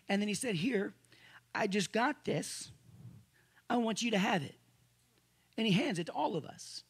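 A male pastor giving a conversational sermon to a congregation. He restarts phrases often and swings between loud emphasis and quiet asides. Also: high-pitched, slightly rough. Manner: conversational preaching with frequent restarts. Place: church service room with a congregation.

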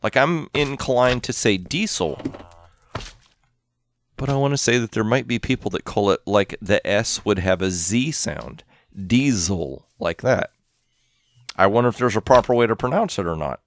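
A man's voice: mid-range voice, normal speed, no echo. A man hosting a modded game video, chatting casually and thinking aloud as he plays, counting items under his breath. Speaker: gameplay channel host. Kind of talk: casual gameplay commentary. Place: home room with his cat.

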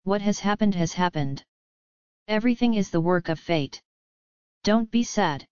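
A woman's voice: mid-range voice, expressive, normal speed, a little mellow, smooth, no echo, highs cut off, lightly acted. A woman voicing a proud, commanding royal princess in stern, formal, old-fashioned speech.

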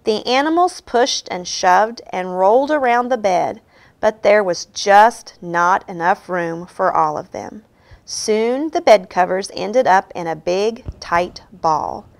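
A woman reading a children's picture book aloud in a slow, expressive, sing-song way. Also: medium pitch. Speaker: storybook reader.

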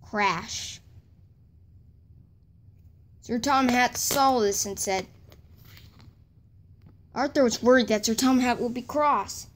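Halting woman narrating a toy-train story. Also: fairly high pitch, slight background noise. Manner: halting, restarts and repeats words.

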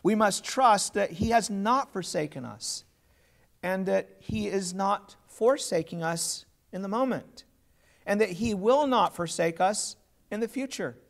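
A man's voice: high voice, measured pace, vocal fry. A man preaching a sermon as pastor, earnest and plain, putting questions to his congregation.

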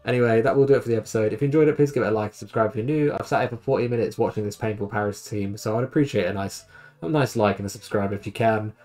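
This young man's voice is fairly low and darkish, and he talks in rapid-fire bursts. As a gaming YouTuber doing let's play commentary on a football management game, he grumbles at his team in exasperation.

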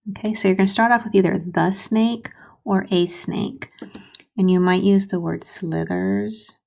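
Woman teacher, patient and slow for young children; warm, slightly gravelly voice. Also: lowish voice, steady tone. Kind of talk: recorded early-grade writing lesson.

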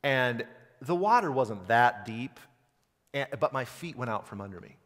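Young pastor from Montana, lively sermon delivery, talks right to the crowd, church hall reverb. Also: male voice, mid-range voice, a little slow. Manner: animated, talks to the congregation and asks them questions. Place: church sanctuary.

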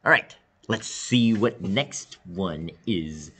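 Deep-voiced guy teacher, upbeat and encouraging, voice jumps way up when excited. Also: slow pace, husky. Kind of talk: online class video address.

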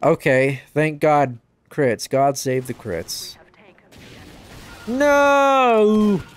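A man casually commenting on a game livestream and reading chat aloud, joking at his own expense and yelping out loud during play. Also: slow pace. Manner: excitable, bursts into high yelps during play; self-deprecating, joking. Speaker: gaming livestreamer.

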